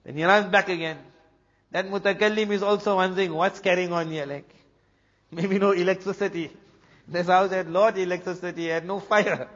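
Man, preacher, from South Africa, animated storyteller, muffled lo-fi sound. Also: high voice, moderate pace. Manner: animated storyteller, drops to a hush for drama. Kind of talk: storytelling talk. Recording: dull lo-fi recording with long hall reverb.

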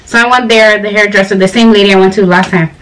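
A woman's voice: medium pitch, fast talker, a little hiss or hum. Young woman vlogger from Ghana, rambly chatty storyteller, slightly distant mic. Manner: chatty, rambling storytelling with animated quoted voices. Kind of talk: casual chat to camera.

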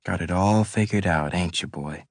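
A man playing a hard-bitten police officer who questions a suspect in a slow, half-friendly, judging drawl. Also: low-pitched, no room sound, clean studio sound. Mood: menacing.

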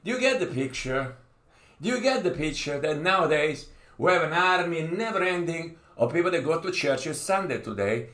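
A man preaching an informal sermon, swinging between loud and hushed and often repeating and restarting his phrases. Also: a little high, expressive, moderate pace, reverberant.

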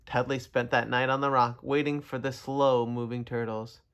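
A man reading a children's story aloud, gentle and expressive, talking to young listeners. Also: mid-range voice, normal speed, clear, resonant tone. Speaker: storybook reader.

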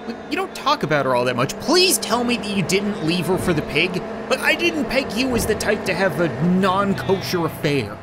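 A gaming YouTuber giving joking, sarcastic gameplay commentary with quick asides to the game characters. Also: mid-range voice, a bit bright.

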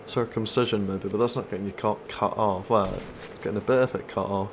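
A man's voice: lowish voice, steady tone, fairly quick, noisy background. A man giving casual, sweary gameplay commentary, taunting and mocking other players. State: stoned. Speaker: gaming YouTuber.

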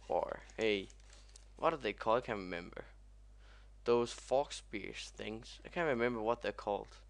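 A young man commentating as he plays a video game, excitable and swearing often. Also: on the low side, unhurried, long pauses. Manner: excitable, swears a lot, yelps at crashes. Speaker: gaming commentator. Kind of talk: let's play commentary.

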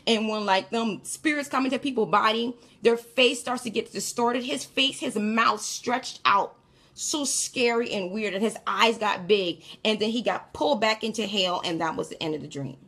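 Speaking at a normal speed in a fairly bright, higher-pitched voice, a woman chats straight to her listeners, calling them y'all, as she casually recounts a frightening dream. It comes across as relaxed spoken testimony.

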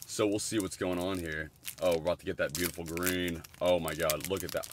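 Crude rambling young man, lowish voice. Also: fairly quick, slight background noise. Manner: rambling, crude and jokey, with bursts of excitement. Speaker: streamer reviewing candy. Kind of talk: casual livestream food review.

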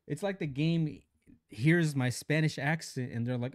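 A man's voice: on the high side, unhurried, no room sound, clean studio sound. A young man live-streaming a mobile shooter, chatting casually in slang while greeting viewers and reading chat aloud.

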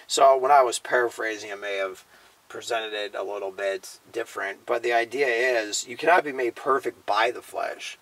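A man teaching the Bible in a casual sermon style, often tagging his points with a quiet "okay?" or "you know". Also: mid-range voice, normal speed, poor audio. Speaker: preacher.

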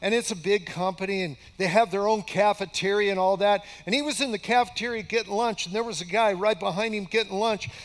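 Man, 60s, pastor, high voice, folksy emphatic sermon, long church-hall reverb. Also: brisk, hardly any pauses, a bit bright. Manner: folksy and emphatic, repeating phrases for effect. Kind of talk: conversational sermon. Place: church sanctuary.

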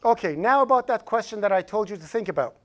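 A man's voice: high-pitched, quick pace. A man lecturing a college programming class, talking straight to his students and joking with them as he goes. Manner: joking, animated lecturer addressing students directly.

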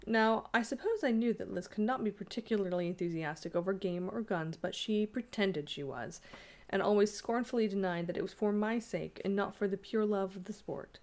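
Woman reader, mid-range voice, measured storytelling narration. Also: medium pitch. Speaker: audiobook reader. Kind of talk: reading a ghost story aloud.

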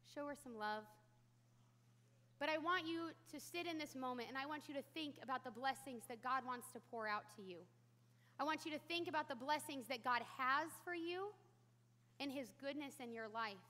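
A woman's voice: high-pitched, normal speed, bright, forceful tone, big-room sound. A woman in her thirties preaching a sermon in a church, candid and self-deprecating, talking to the congregation like a friend. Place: church sanctuary.

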